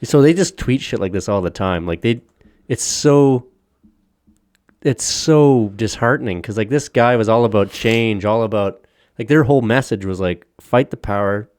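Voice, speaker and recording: A man's voice: medium pitch, normal speed, a little mellow, no room sound. A man co-hosting a casual podcast, ranting with lots of profanity and frequent laughter. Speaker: podcast co-host.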